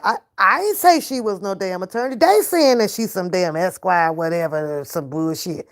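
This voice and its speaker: A woman's voice: lowish voice, expressive, normal speed, hardly any pauses. A woman ranting straight at her viewers in a casual vlog, profane and often laughing. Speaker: reaction vlogger. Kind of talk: casual to-camera rant.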